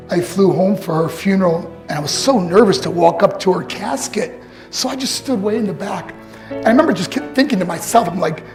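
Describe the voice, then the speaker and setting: A man's voice: very high voice, expressive, a little fast, a little mellow, echoey room, faint music behind. A man giving a motivational speech, telling stories and acting out the voices of the people in them. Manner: storytelling, acts out quoted voices. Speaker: motivational speaker.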